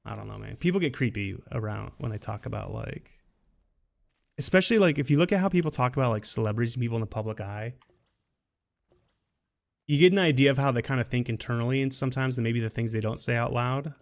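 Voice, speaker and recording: A man's voice: medium pitch, fast, creaky. A man streaming a game, telling long rambling stories in casual chat, often restarting and laughing at himself. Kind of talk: casual storytelling while gaming.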